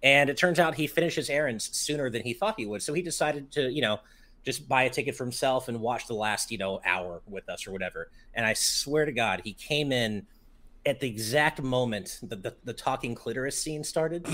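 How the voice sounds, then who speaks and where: A man's voice: medium pitch, sharp tone. Easygoing male podcast host. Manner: easygoing, quick to laugh, reads out listener chat. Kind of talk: casual chat.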